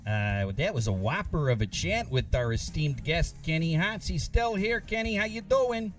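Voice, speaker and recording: A man hosting a live comedy call-in show, rambling and halting with lots of fillers. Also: on the high side, animated, far from the mic, soft background music. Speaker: host.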